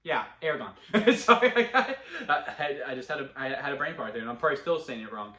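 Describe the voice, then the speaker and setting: A man at home casually recapping a TV episode, rambling with quick restarts and bursts of laughter. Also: medium pitch, big pitch swings, bright, forceful tone, roomy sound. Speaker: TV episode reviewer. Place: at home with a dog.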